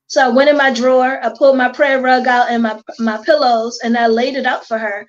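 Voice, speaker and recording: A woman with a Baltimore accent, a hair stylist guest chatting casually and telling stories with animated quoted dialogue. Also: high voice, fairly quick, hardly any pauses, muffled recording. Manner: animated storyteller, quotes herself and others. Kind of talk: casual chat.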